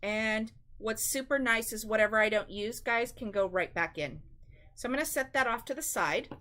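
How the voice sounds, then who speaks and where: A woman's voice: fairly high pitch, moderate pace, a bit bright. A woman hosting a live-stream craft demonstration, chatty and instructive, often calling her viewers "guys.".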